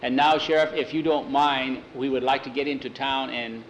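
A man's voice: mid-range voice, level tone, slight background noise, lightly acted, low-quality recording. Man doing a courteous, formal foreign prince. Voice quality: measured formal phrasing. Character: proud polite foreign prince, grown man.

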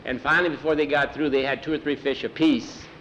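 Male storyteller, folksy unhurried narration, middle pitch, faint road noise behind. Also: fairly even intonation, fairly bright tone, lo-fi sound. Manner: plain, unhurried folksy telling. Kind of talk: oral storytelling.

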